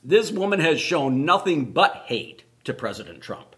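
Indignant man in lively political chat. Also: fairly high pitch, moderate pace. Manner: indignant, mocking. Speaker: show co-host.

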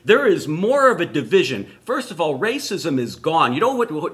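Blunt ranting man, lively pitch. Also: a little fast, few pauses. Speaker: podcast co-host. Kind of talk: political opinion chat.

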